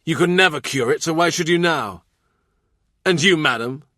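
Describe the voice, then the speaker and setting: A man's voice: on the high side, normal speed, pushed and bright, no echo, voice pushed up. A commanding middle-aged king, scornful and impatient, his voice lifted and pushed, as a male narrator puts him on. Read dry and close like an audiobook. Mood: irritable.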